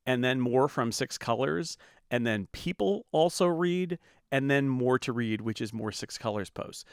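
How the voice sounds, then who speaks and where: A man's voice: medium pitch, creaky, clean tone, dry recording, clean studio sound. A middle-aged man from the United States, co-hosting a podcast in casual chat, telling stories with many restarts and fillers. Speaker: podcast co-host.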